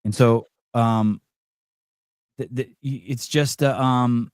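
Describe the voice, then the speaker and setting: A man's voice: medium pitch, steady tone, slow, darkish tone, clear, resonant tone, no room sound, clean studio sound. A middle-aged man hosting a podcast, talking casually and bluntly with many restarts and fillers. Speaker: podcast host. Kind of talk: casual chat.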